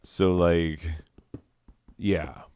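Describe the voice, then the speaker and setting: A man rambling through a solo chat while high, swearing and giggling as he drifts off topic. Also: steady tone, drawn-out words, darkish tone, clear, resonant tone, no room sound. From southwestern United States. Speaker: podcast host.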